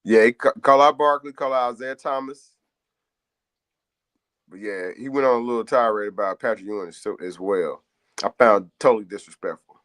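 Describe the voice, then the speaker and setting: A man's voice: medium pitch, normal speed, a bit bright, dry recording. A man co-hosting a sports radio show, chatting casually in a slangy, rambling way. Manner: laid-back, slangy, rambling delivery.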